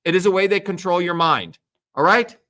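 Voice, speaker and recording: A man delivers a heated, profane livestream speech. His voice sits high and cuts with a forceful edge. He hammers his points through repetition. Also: fairly quick. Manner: emphatic, repetitive, crude and profane. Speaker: political candidate speaking on a livestream.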